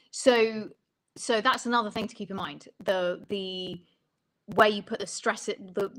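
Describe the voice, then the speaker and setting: A woman's voice: medium pitch, fairly bright tone, rough recording. A woman songwriting coach explaining melody and lyric writing in an interview, thoughtful and stopping often to rephrase.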